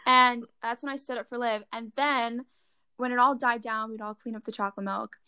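A teenage girl telling a school lunch story in a chatty, animated way, full of "like". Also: a little high, a little fast, clear, resonant tone, no room sound. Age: teens. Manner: chatty, fillers like "like", animated retelling. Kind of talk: casual chat.

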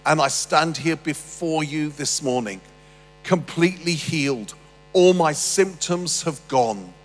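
A man imitating a triumphant celebrity preacher with a slow, drawn-out pulpit delivery. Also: fairly high pitch, big-room sound, soft background music.

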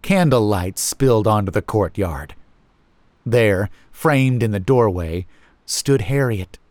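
Male horror narrator, low and unhurried, brooding, dry close-mic sound. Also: lively intonation, a little mellow, no room sound. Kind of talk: first-person horror narration.

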